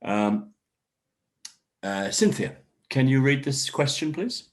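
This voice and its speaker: A man teaching an online English workshop, encouraging learners and modeling sentences with clear stress. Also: medium pitch, sing-song, slow pace. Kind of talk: online class instruction.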